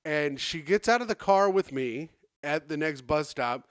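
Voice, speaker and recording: Man, comedy podcast co-host, rambling storyteller, animated up-and-down voice, somewhat high, dry close mic. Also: measured pace, smooth, dry recording. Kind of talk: casual comedy podcast chat.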